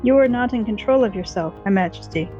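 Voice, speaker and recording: A woman's voice: on the high side, lively intonation, quick pace, muffled recording, soft background music. A woman playing a tabletop game, speaking politely as her character. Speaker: player.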